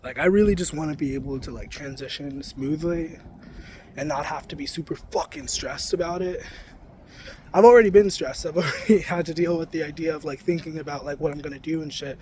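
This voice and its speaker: On the high side and fairly quick, with a slightly mellow tone, this young spiritual vlogger rambles as he walks outdoors by a road. Recorded on a handheld phone over passing traffic, he swears a lot and fills his speech with "like" and "you know."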